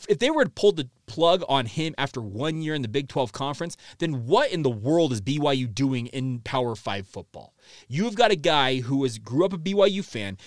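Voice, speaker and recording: A man's voice: medium pitch, no room sound, clean studio sound. Emphatic man hosting a sports podcast. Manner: emphatic, opinionated, animated. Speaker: podcast host. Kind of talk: sports talk podcast monologue.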